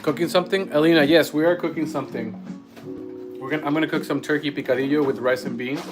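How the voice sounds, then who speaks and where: A man's voice: fairly high pitch, fairly even intonation, fast talker, rough recording. A man whose first language is Spanish, co-hosting a casual live stream from a home kitchen and reading viewer comments aloud between bites. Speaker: livestream co-host. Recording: guitar music playing behind. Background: guitar music.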